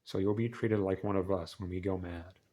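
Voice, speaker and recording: A man reading aloud as a calm, solemn male alien forest leader, slow and measured. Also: low voice, natural voice.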